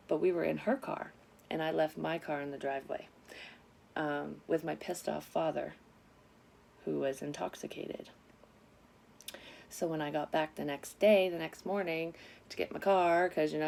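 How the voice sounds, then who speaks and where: A woman's voice: low-pitched, creaky, a little mellow, a little hiss or hum. A woman in her thirties telling a personal story in a candid, rambling way, swearing freely, as a psychic medium vlogger. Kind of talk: casual story-time monologue.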